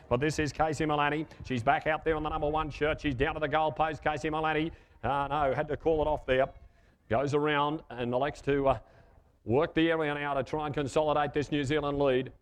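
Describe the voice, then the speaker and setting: Guy calling a match live, smooth clear voice, kinda high, pretty flat delivery. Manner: rapid calls with fillers, rising to shouts at goals. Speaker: sports commentator. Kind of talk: live play-by-play commentary.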